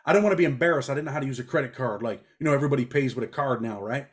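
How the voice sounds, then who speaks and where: A middle-aged man talks quickly in blunt, streetwise phrases. He keeps dropping "man" and "bro" as he tells his stories. His voice sits in a middle pitch. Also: slightly rough. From New York. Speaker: interview guest, former prisoner. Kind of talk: casual interview storytelling.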